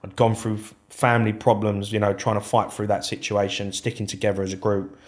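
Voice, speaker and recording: In a casual interview, an ex-footballer brings his stories to life by acting out old exchanges, swearing freely along the way. He has a fairly low pitch and a brisk delivery.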